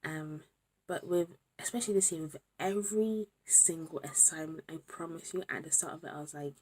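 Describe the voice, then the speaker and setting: A woman's voice: low-pitched, fairly even intonation, a little fast, a little mellow, slightly rough. A tired young woman vlogging to camera late at night, overwhelmed, slipping between whispers and exclamations. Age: young adult.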